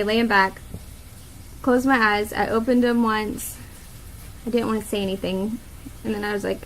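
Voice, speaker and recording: A young woman with a slightly high voice tells a story in a casual vlog. She talks in a chatty, rambling way, full of fillers and quoted thoughts. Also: a little hiss or hum, poor audio. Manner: chatty, many fillers and quoted inner thoughts, laughs often. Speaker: vlogger.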